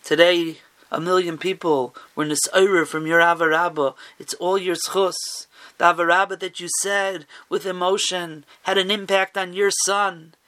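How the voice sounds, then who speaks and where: A man's voice: high-pitched, little pitch movement, normal speed, pushed and bright. A man giving an emphatic sermon, telling a story and mixing in Hebrew and Yiddish terms. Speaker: rabbi giving a Torah talk.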